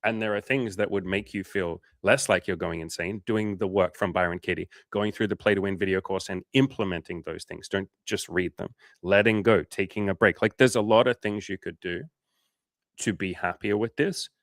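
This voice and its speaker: A man's voice: steady tone, moderate pace, dry recording, clean studio sound. A man coaching viewers on a livestream, talking bluntly and casually, swearing now and then. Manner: blunt, casual, swears, acts out quotes in higher voices.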